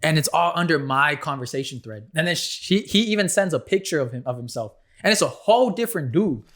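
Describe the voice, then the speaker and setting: A man's voice: a little high, lively intonation, fairly quick, fairly bright tone. Laid-back man telling a story. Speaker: podcast co-host. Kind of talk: casual chat.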